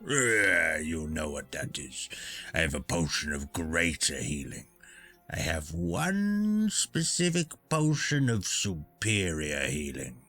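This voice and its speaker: A grumpy shopkeeper selling potions, as a game master plays him, with a gruff and guarded manner. The voice sits very low and moves slowly, with a bright edge and faint music behind it. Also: big pitch swings, full character voice. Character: grumpy male Kraggle potion seller.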